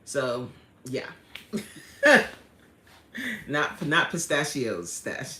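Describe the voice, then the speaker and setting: A woman hosting a casual livestream, chatting with viewers and reading out their comments in animated, slangy talk, laughing often. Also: medium pitch, takes it slowly, pauses often. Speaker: livestream host. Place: indoor room at home. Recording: roomy echo.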